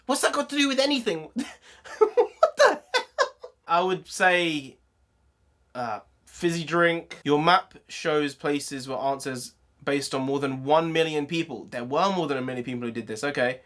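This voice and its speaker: A man with a southern English accent, from the London area, hosting a casual reaction video with jokey, excitable commentary and frequent laughter. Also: on the high side, normal speed. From London area, England. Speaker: YouTube host.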